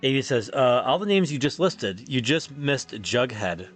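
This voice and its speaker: A man hosting a live game stream, casually chatting and reading viewer comments aloud, laughing often and stumbling over his words, his voice getting a bit hoarse. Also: mid-range voice, sing-song, moderate pace, faint music behind. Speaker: streamer host reading chat.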